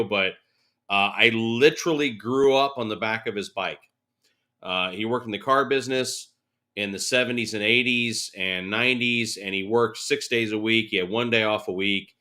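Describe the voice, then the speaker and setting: Bright-voiced man telling bike stories. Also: lowish voice. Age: 40s. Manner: animated storyteller, laughing, acts out quotes. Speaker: guest. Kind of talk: casual interview.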